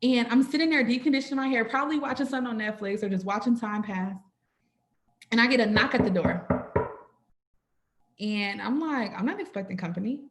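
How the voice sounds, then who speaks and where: A young woman telling a personal story to an audience at a sorority orientation, expressive, often stopping to ask "right?" and calling the listeners "y'all.". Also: fairly high pitch, fairly quick, pauses often, a little hiss or hum. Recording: echoey room.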